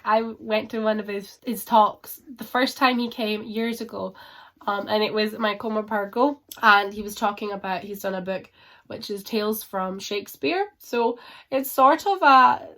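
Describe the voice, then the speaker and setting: A woman's voice: mid-range voice, moderate pace, fairly bright tone. Chatty, rambling woman book vlogger. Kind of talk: casual chat to camera.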